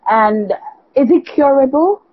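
A woman's voice: sits high, animated, slow pace, narrow, tinny audio. A woman radio host asking interview questions, stammering and repeating words as she goes.

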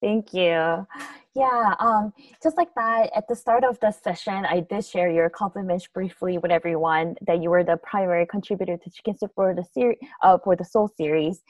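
A woman's voice: on the low side, normal speed, no room sound, far from the mic. A woman hosting an online interview, asking questions politely. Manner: polite, encouraging. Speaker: interview host.

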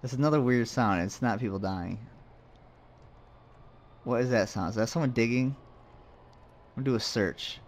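A man's voice: medium pitch, normal speed, pauses often. A man casually commenting as he plays a game, rambling and muttering to himself with jokes along the way. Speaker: let's play host.

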